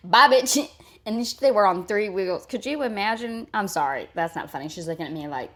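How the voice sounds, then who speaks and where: A woman reacting live to a clip, mocking and cursing as she talks back at the screen. Her voice sits at an ordinary middle pitch for a woman. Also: a little fast. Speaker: reaction streamer.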